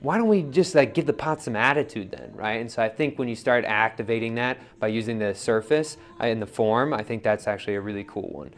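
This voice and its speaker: A pottery teacher casually demonstrates on the wheel, walking his viewers through each step in a relaxed, chatty way packed with "like" and "right?". His voice is medium in pitch and brisk, with few pauses.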